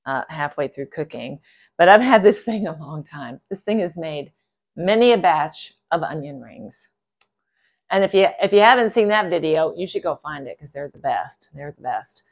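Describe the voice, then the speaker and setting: A woman's voice: low-pitched, animated, moderate pace, muffled recording. Chatty woman hosting a cooking video. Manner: chatty, enthusiastic, gushing over food. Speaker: cooking channel host. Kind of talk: casual cooking video chat.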